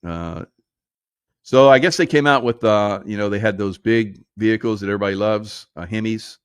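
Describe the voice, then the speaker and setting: A man's voice: fairly low pitch, moderate pace, clear, resonant tone, no room sound, clean studio sound. A man hosting solo political commentary, sarcastic and mocking, often laughing at his own jokes.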